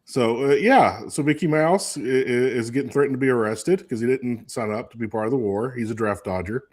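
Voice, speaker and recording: In his forties, a male co-host on a casual sports talk show tells a rambling story full of restarts and fillers. His mid-range voice is brisk and a little mellow.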